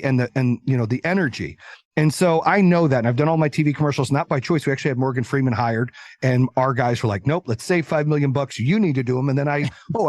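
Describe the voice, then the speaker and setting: A man's voice: mid-range voice, no room sound. A man talking as a guest entrepreneur in a casual interview, blunt and confident, acting out the voices of the people in his stories. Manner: animated storyteller, acts out quoted voices.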